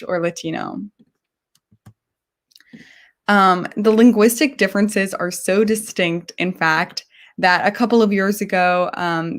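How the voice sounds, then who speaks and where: Woman from New York, lowish voice, chatty live online presenter. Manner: chatty, explanatory, with frequent pauses. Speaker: guest presenter.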